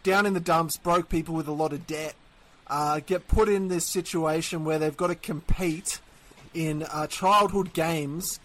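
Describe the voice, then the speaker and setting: A man's voice: on the high side, fairly even intonation, unhurried, a bit bright. A man with an Australian accent co-hosting a casual podcast, joking and swearing, now and then singing bits. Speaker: podcast co-host.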